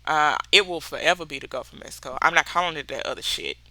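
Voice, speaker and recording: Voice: medium pitch, fast, sharp tone, no room sound. A podcast host from Mississippi with a Southern accent, talking candidly in a casual solo chat, swearing freely and laughing often. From Mississippi, USA.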